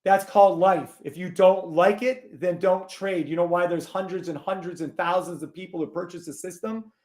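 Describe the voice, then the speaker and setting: A man hosting a live trading stream, gruff and blunt, swearing and scolding his viewers while he calls out trades. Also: sits high, fairly even intonation, normal speed, darkish tone.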